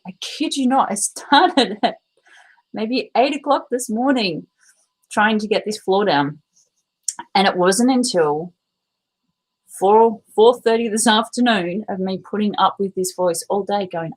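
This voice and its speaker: A woman talking candidly and confessionally in a casual live vlog, swearing now and then and clearing her throat often. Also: mid-range voice, moderate pace, poor audio. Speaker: vlogger. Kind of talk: casual live-stream monologue.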